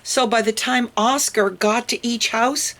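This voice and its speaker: A woman reading a picture book aloud to children, expressive and adding little asides to her listeners. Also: on the high side, a little slow. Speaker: storytime reader.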